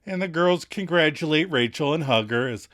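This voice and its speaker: A man's voice: fairly high pitch, animated, moderate pace, a bit bright. A man co-hosting a casual TV recap podcast, joking and laughing as he retells the scenes. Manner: playful, jokey, laughs often. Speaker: podcast co-host.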